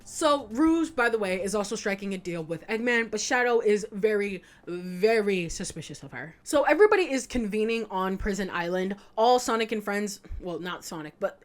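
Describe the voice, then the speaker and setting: A young woman giving a casual retrospective commentary, animated and emphatic, swearing freely as she talks. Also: mid-range voice. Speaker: video essayist.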